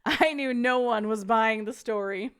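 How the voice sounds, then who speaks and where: A woman's voice: on the high side, a little slow, a bit bright, smooth. A young adult woman hosting a podcast, casually reading a story aloud to her live chat and laughing often. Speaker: podcast host reading stories.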